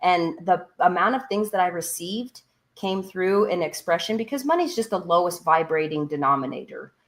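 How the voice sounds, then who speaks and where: A woman guest on a podcast, telling a personal story in a lively way and acting out what others said. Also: on the low side, normal speed. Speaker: podcast guest, construction business owner.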